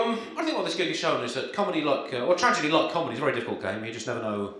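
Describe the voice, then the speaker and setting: A man doing a stand-up comedy set with a dry, halting delivery full of ums and uhs, performed live. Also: on the high side, expressive, bright, forceful tone, slight background noise. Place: live comedy venue, in front of an audience. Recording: echoey live room with crowd.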